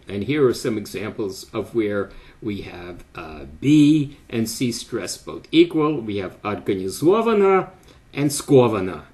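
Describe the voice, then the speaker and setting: An older man giving an academic lecture, speaking deliberately with frequent pauses and fillers. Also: lowish voice.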